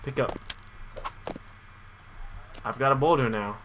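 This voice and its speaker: A man commentating over his own video game playthrough, excitable and quick to yelp when something surprises him. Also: slight background noise. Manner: excitable, yelps and jumps in pitch when surprised. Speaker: gaming channel host. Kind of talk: let's play commentary. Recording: music playing behind the voice.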